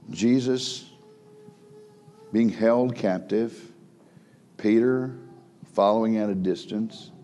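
A man preaching a sermon, swinging between emphatic raised passages and quiet hushed drops, with frequent word repeats and restarts. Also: lowish voice. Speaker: pastor.

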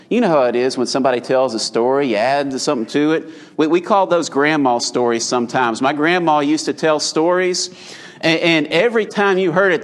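Preacher, higher-pitched man. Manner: conversational, addresses the audience directly. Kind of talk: evening sermon.

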